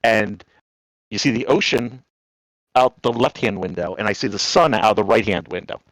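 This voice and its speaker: Here a caller from New Jersey rambles through stories in a relaxed, lively way, slipping into the voices of the people he describes. He talks at a moderate pace with a somewhat low voice. There's no room sound, and the audio is poor.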